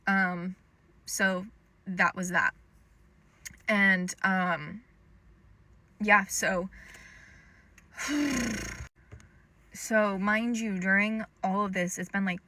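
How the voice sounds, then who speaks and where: A young adult woman, a storytime creator, shares a personal story in a casual monologue, chatty and full of "um" and "like". Her mid-range voice is bright, with a forceful tone.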